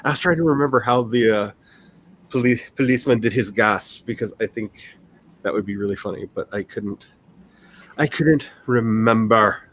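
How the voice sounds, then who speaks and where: A man's voice: fairly low pitch, fairly even intonation, brisk, a little hiss or hum. Chatty man hosting a casual livestream. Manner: chatty, rambling, laughs often. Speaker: livestream host, writer. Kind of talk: casual livestream chat with viewers.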